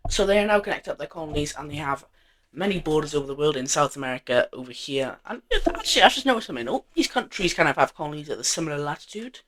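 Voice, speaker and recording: A man's voice: fairly high pitch, lively intonation, fast, a bit bright, slight background noise. A man narrating an alternate-history map in a casual, rambling way, full of fillers and offhand self-corrections.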